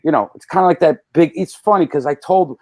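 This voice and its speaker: At a quick pace and with no room sound, a man appearing as a podcast guest recounts anecdotes casually. He brings quoted people to life with loud jumps in pitch.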